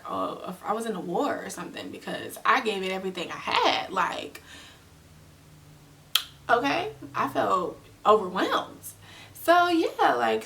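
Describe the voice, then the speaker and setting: A young woman telling a storytime vlog in a casual, animated way, full of slang and acted-out quotes. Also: mid-range voice, creaky, distant mic, a little hiss or hum. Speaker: vlogger.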